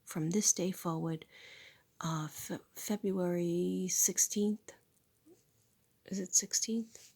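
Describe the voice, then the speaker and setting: A middle-aged woman speaks in a hoarse, breathy half-whisper because she is losing her voice. She talks slowly and gently, with a slightly low tone, and repeats spiritual affirmations in a soft, unhurried way. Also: steady tone. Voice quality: breathy, husky. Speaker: spiritual teacher and channel host. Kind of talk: slow casual spiritual talk with affirmations.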